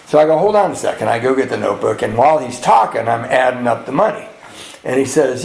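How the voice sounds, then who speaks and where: A man sharing his twelve-step recovery story at a retreat, acting out dialogue and swinging between hushed and loud. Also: medium pitch, lively intonation, fast, vocal fry, a little hiss or hum. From California. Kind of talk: twelve-step share to a live audience. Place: retreat hall with audience. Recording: roomy hall with faint ambience.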